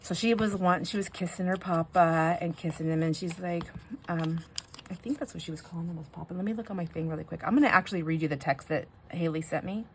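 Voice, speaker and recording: An older woman with a fairly low voice talks casually to her viewers while she crafts. She rambles and gets sidetracked, emotional at heart. A light background hiss sits under her voice. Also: quick pace. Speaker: crafting vlogger.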